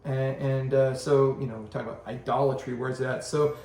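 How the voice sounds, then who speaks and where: A man, a pastor, leading a casual Bible discussion at home, lively and slipping into voices when he quotes people. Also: medium pitch, normal speed. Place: room at home. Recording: roomy, distant home recording.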